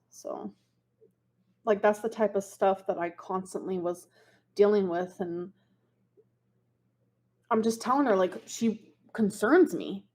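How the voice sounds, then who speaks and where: A woman on a livestream venting in a rambling, filler-heavy way and quickly reading text messages aloud. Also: medium pitch, darkish tone.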